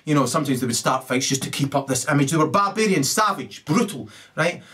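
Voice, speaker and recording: A man's voice: lively intonation, fast, fairly bright tone. Ranting sweary man. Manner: ranting, sweary, keeps asking "right?", big swings in pitch. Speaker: video ranter. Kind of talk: angry profane monologue.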